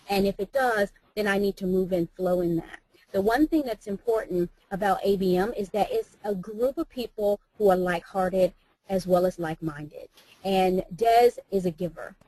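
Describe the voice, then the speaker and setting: On a group call, an American businesswoman and mentor speaks in an earnest, encouraging, faith-filled way. Her voice is medium-pitched and a little mellow, heard through a dry recording with poor audio.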